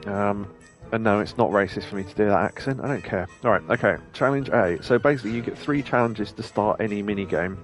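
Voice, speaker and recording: A man's voice: fairly low pitch, quick pace, hardly any pauses, soft background music. Chatty man streaming a game. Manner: chatty, rambling, laughs often, occasionally swears. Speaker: streamer host. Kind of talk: let's play commentary.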